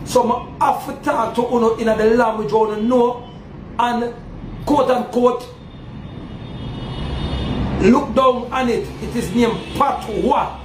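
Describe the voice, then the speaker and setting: A man with a Jamaican accent, styling himself a Maroon chief, preaches emphatically to his audience in a monologue, asking again and again whether they understand. His very high voice moves slowly with frequent pauses. The recording has a roomy echo and faint ambient noise.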